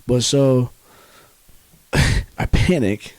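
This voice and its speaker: A man's voice: mid-range voice, very slow, darkish tone. A young man casually telling a story on a podcast, laid-back, swearing freely and laughing often. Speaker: podcast co-host.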